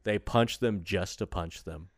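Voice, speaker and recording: A man's voice: low-pitched, measured pace, dry recording, studio quality. A man co-hosting a podcast in a casual, jokey chat, laughing often and rambling through his stories. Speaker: podcast co-host.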